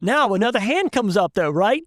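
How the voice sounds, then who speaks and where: A man, a chef and guest, telling an animated story in casual chat and laughing often. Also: sits high, normal speed, no room sound, clean studio sound. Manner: animated, laughs often, tells stories with voices.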